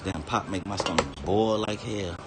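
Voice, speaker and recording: A man with a deep voice, speaking at normal speed over heavy background noise, rants casually on a stream. He swears constantly, laughs between lines now and then, and digresses freely from one topic to the next in a rambling way.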